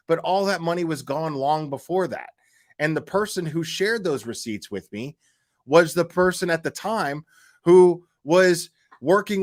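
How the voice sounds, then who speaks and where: A man hosting a casual commentary stream, talking bluntly with lots of fillers, restarts and swearing, sounding exasperated. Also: high-pitched. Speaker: YouTube commentary host.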